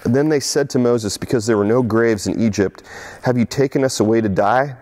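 Animated man preaching a sermon. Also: mid-range voice, normal speed. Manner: animated, repeats words, acts out voices of the people. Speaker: pastor.

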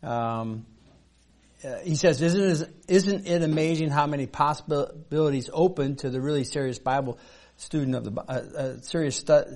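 Man, middle-aged, bible class teacher, halting delivery, reads scripture aloud. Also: mid-range voice, darkish tone. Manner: halting, many fillers and restarts, reads verses aloud.

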